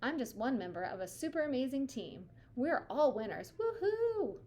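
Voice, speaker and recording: A woman's voice: high voice, big pitch swings, normal speed, voice pushed up. A woman reading aloud, voicing a perky, cheering young girl from a children's novel. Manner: bubbly, shouting.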